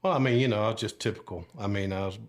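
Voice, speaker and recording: A man's voice: lowish voice, very fast. An older man, a retired deputy telling stories from his life in a casual, folksy, rambling way. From Alabama. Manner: folksy, rambling, with many fillers and asides. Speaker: podcast guest, retired sheriff's deputy. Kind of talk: casual storytelling interview.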